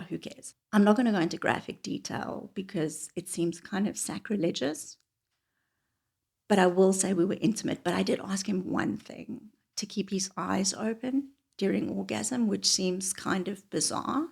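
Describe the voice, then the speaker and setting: A woman telling a wry, confessional personal story, often dropping into hushed whispered asides. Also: medium pitch, a little slow, creaky, slightly rough.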